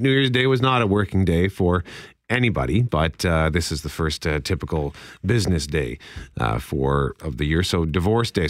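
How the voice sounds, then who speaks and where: A Canadian man with a fairly low voice co-hosts a radio talk show, easygoing and thinking out loud. He sounds close and dry on a studio mic. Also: dry recording. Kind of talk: casual studio banter.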